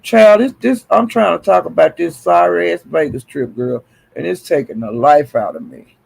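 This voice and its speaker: Man, gravelly, husky, high-ish voice, exasperated gossip chatter, livestream host. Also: animated, normal speed, poor audio. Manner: exasperated, dramatic, sighs and exclamations.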